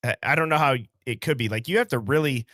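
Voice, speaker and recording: A man's voice: medium pitch, quick pace, fairly bright tone, dry recording, clean studio sound. A young man co-hosting a podcast in casual chat, talking hesitantly with many fillers and restarts. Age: young adult. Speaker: podcast co-host.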